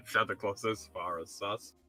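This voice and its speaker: A man's voice: on the low side, sharp tone, slightly rough, dry recording. A man with an English accent from Leeds chatting casually on a livestream, teasing and laughing often as he reads out chat. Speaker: stream co-host reading chat.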